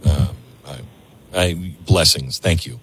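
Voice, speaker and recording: A man hosting a call-in radio talk show, earnest and halting, often repeating his words. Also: a bass voice, fairly bright tone, slightly rough.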